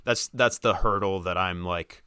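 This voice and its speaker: Low bright-toned casual podcast man. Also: measured pace, smooth, no room sound, studio quality. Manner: loose, profane, lots of fillers. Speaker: podcast co-host. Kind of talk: casual chat.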